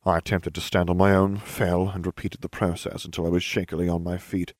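A man's voice: sits low, flat delivery, brisk, a little mellow, dry recording, clean studio sound. A man narrating a first-person fantasy story aloud with wry storytelling. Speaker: audiobook narrator.

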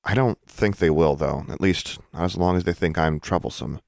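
A man voicing a frank, sharp-tongued teenage witch, barely lifted from his own low, deep voice. The audiobook read is dry and close. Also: moderate pace, vocal fry, no echo. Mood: thoughtful. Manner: blunt and frank.

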